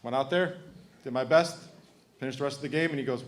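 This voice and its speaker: A man's voice: mid-range voice, quick pace. A man in his thirties from Connecticut giving a heartfelt, emotional acceptance speech, joking with the audience. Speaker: hall of fame inductee.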